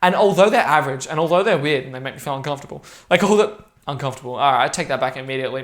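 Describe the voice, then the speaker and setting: A man's voice: mid-range voice, very fast. A young man talking straight to camera in a rambling, profane, intense and emphatic monologue. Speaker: vlogger.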